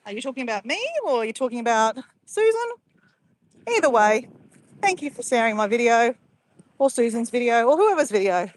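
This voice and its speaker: A woman's voice: a little high, lively intonation, brisk. A woman, chatting casually and playfully with live viewers in a bubbly, laughing way.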